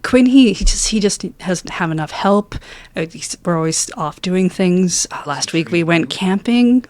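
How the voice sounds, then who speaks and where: A woman's voice: lowish voice, animated, measured pace, darkish tone, no room sound. Woman doing a nervous young vampire, stammering, eager to please. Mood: flustered.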